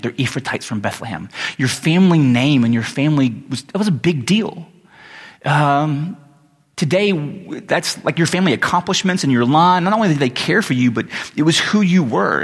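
A man's voice: on the high side, slightly rough. A man preaching a sermon and reading scripture aloud, talking in a conversational way and checking in with the listeners often. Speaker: pastor. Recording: long hall reverb.

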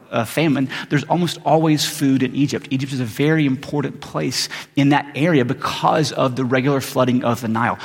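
A man's voice: mid-range voice, breathy edge. A man preaching in a casual, conversational way, often saying "like" and "right?", heard with long hall reverb in a church sanctuary. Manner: conversational, frequent "like" and "right?", restarts. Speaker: pastor. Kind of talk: sermon.

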